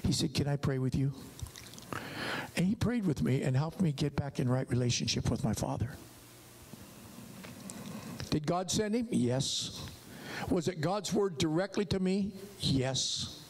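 An older man preaching a sermon testimony in an animated storytelling way, with his voice swinging high and low. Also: unhurried, long pauses, slight background noise.

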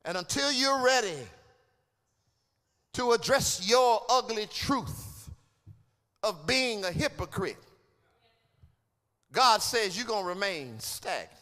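Pastor, male: slow, impassioned preacher who builds into sung shouts; lively, swooping voice in a church with a long echo. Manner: drops to low, hushed tones between climaxes. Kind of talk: sermon. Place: church sanctuary. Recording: long hall reverb.

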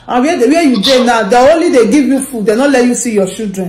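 A woman's voice: a little high, lively intonation, fairly quick. A woman host with a Nigerian Pidgin accent, asking probing questions and consoling a caller. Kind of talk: call-in interview. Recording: echoey and noisy.

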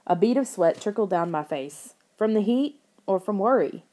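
A woman narrates an audiobook with a mellow, rounded tone. Her reading is expressive, and she lifts her voice to act out the lines of the characters. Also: mid-range voice, normal speed, hardly any pauses.

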